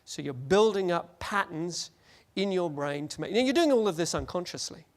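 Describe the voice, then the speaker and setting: A man giving a lively, joking conference presentation and acting out little scenes. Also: high-pitched, normal speed. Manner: animated, jokey, acts out scenes. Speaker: conference speaker.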